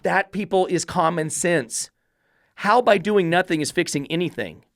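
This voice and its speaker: A man's voice: normal speed, no echo, studio quality. A man hosting a dog-training podcast, blunt, combative and profane in his commentary. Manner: blunt, combative and profane, mocking falsetto baby talk.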